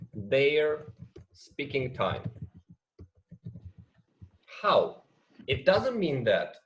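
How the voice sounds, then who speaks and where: Slow, hesitant Azerbaijani-accented man. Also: mid-range voice. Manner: hesitant, many fillers and "yeah?" checks. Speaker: teacher trainer. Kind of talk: online training session.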